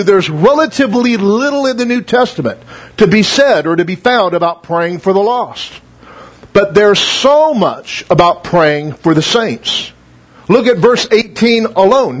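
A middle-aged man preaching a sermon in a high-pitched, husky voice. He reads scripture with weight and emphasis, then breaks into relaxed, conversational remarks to his listeners. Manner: teaching verse by verse, reading scripture aloud with emphasis; conversational asides to the congregation. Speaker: pastor.

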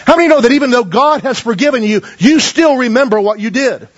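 Brief: male pastor preaching, high voice, folksy storyteller who calls for amens, dull lo-fi recording. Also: lively intonation, fast talker. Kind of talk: sermon.

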